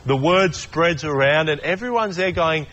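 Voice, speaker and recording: A man's voice: on the high side, moderate pace, fairly bright tone, lo-fi sound. A man giving a casual sermon, chatty and joking, acting out quotes and often restarting his sentences. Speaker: preacher.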